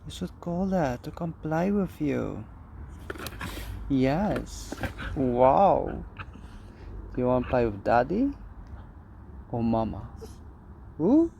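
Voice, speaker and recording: A man cooing to his dog in soft, affectionate baby talk. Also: mid-range voice, lively intonation, takes it slowly, vocal fry, pauses often, a little hiss or hum. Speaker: dog owner.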